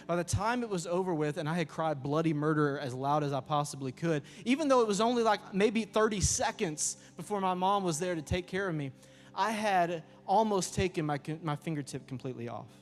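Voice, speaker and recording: A man preaches to a youth crowd, his voice sitting a little high. He tells stories with animated acted-out voices. The sound carries a long hall reverb with faint music underneath. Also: moderate pace. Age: 30s. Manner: lively storytelling, acts out voices. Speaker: youth pastor. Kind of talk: youth sermon. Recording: echoey hall with music behind.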